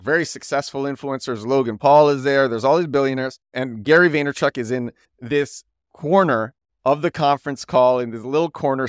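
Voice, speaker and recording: A man hosting a solo podcast, telling stories with energy and quickly voicing the friends he quotes. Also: mid-range voice, clean tone, no room sound, studio quality. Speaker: podcast host.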